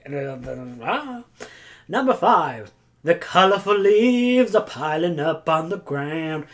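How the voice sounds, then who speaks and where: A woman's voice: lowish voice, expressive, brisk. A woman chatting casually as a book vlogger, rambling with goofy asides, silly sound effects and lots of filler words. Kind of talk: casual chat.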